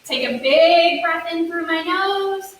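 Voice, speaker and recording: A woman's voice: extremely high pitch, takes it slowly. A woman leading a children's story yoga class, reading a counting story in a sing-song, encouraging voice with playful sound effects. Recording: echoey room, distant mic, faint hiss.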